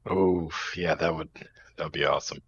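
A man chatting casually as a podcast guest, tossing in quick jokes. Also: very deep voice, steady tone, husky. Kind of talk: casual gaming banter. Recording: dull lo-fi mic.

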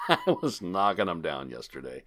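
A man hosting a comedy gaming podcast, hamming it up in a lowish voice. His pitch leaps and dips constantly as he jokes, veering from loud declarations to muttered asides. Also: sing-song, moderate pace. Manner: theatrical, jokey, swoops between loud and quiet. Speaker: podcast host.

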